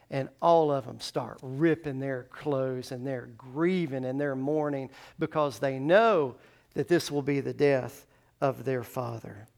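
A man's voice: medium pitch, gravelly. A male pastor preaching a sermon, retelling a Bible story with emotion and briefly singing a refrain.

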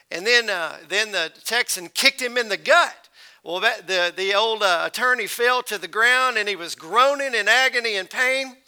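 High bright-voiced pastor. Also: male voice, clear, resonant tone. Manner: folksy storyteller. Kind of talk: sermon.

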